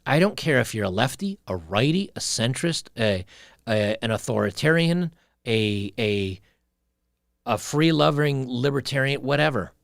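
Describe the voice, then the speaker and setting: A man's voice: mid-range voice, animated, measured pace, creaky, dry recording, studio quality. A man giving opinionated, ranting commentary on a livestream and reading chat messages aloud. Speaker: streamer reacting to clips.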